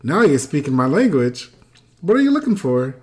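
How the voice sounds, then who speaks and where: A player voicing a young penguin librarian who talks in a mild, friendly, relaxed way. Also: medium pitch, moderate pace, husky, voice pushed down. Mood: calm. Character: penguin kid librarian, calm and bookish.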